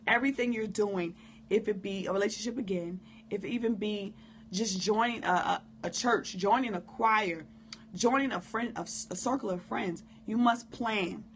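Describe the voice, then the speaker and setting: A hoarse woman who coughs now and then, giving a candid, informal live-stream talk on prayer and speaking straight to her viewers. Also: mid-range voice, normal speed, a little hiss or hum. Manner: candid, informal, preacherly direct address. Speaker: motivational speaker.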